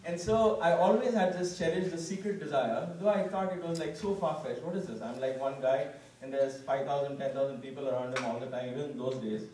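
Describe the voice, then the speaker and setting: A man, giving an animated personal testimony to a gathering and often quoting himself. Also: medium pitch, fairly quick. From India. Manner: animated storytelling, quoting himself, frequent restarts. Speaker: speaker at a devotional gathering. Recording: echoey hall from far off, faint room noise.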